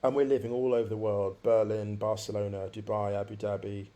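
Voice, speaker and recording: A man's voice: fairly low pitch, level tone, brisk, warm tone. A man around forty, a podcast guest, reflectively telling his life story and repeating phrases for emphasis.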